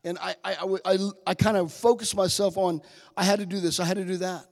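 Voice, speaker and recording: A man preaching a sermon, impassioned, speaking straight to his congregation and swelling from soft to loud. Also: high voice, fairly even intonation, a little fast, gravelly, big-room sound. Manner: addresses the congregation directly.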